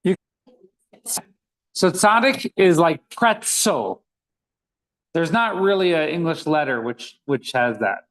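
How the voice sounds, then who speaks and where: A man's voice: a little high, lively intonation, slow pace, pauses often, a bit bright, poor audio. A man teaching a reading class, patiently sounding out letters and words one by one for his students. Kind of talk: classroom lesson.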